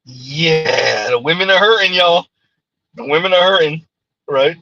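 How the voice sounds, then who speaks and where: A man hosting a livestream who reads viewer comments aloud in an animated, teasing way. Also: on the high side, unhurried, vocal fry, dry recording, lo-fi sound. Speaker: livestream host. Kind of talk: reading live chat comments.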